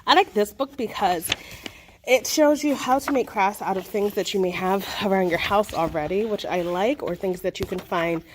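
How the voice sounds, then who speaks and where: A woman's voice: medium pitch, moderate pace, background noise. Chatty woman teaching a kids' craft. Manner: chatty and encouraging, with many fillers. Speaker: children's librarian hosting a craft video. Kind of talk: casual craft tutorial.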